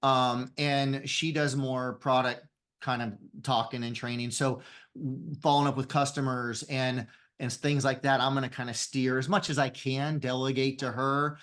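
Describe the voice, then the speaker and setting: A man's voice: medium pitch, little pitch movement, moderate pace, fairly bright tone. A man who is a guest on a podcast, explaining his business earnestly with frequent restarts. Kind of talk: conversational interview.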